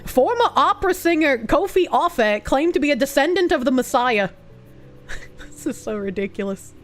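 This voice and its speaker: With soft music in the background, a young female streamer reacts to the news and her chat, reading both aloud at a normal pace. Her high, animated voice carries plenty of sarcasm, laughter and casual swearing.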